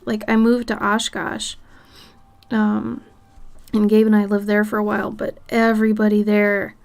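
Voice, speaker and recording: A woman in her thirties from Minnesota with a light Minnesotan accent, chatting casually on an art livestream while she draws, sometimes murmuring softly as she works. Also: medium pitch, completely flat delivery, normal speed, creaky. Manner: chatty and laid-back, drifting into soft murmurs while working. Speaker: art streamer.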